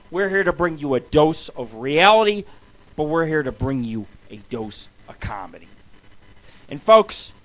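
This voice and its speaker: A man hosting an internet radio show, rambling through profane comic stories and breaking into loud shouts. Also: on the high side. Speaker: host. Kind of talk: profane stand-up style monologue. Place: home recording for internet radio.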